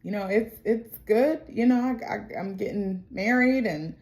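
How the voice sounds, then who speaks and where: A woman voicing a young man about to be married, in a quiet, hesitant, halting way. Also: medium pitch, lightly acted. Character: young man, nervous groom-to-be.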